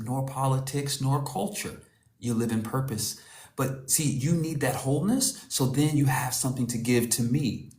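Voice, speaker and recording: A man's voice: mid-range voice, roomy sound. A man giving a casual motivational talk, preaching in slangy storytelling and calling the listener cousin. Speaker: motivational speaker.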